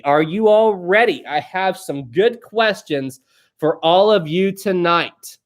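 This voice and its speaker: A man's voice: sits high, expressive, slow pace. Chatty, rambling male livestream host. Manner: rambling and chatty, often laughing. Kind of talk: casual live-stream chat, reading viewer questions.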